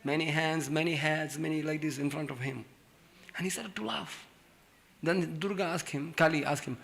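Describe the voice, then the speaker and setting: A man's voice: a little high, moderate pace, vocal fry. A middle-aged man telling a story in a sermon, acting out its characters and laughing often. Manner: animated, acts out voices in the story, laughs often. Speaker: speaker giving a scripture class.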